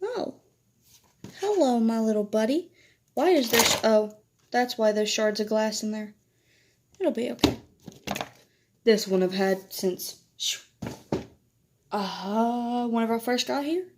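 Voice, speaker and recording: A woman's voice: measured pace, pauses often, noisy background. A teenage girl chatting casually in a vlog, telling stories while doing her makeup. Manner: chatty, laughs often, quotes others in higher voice. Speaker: vlogger.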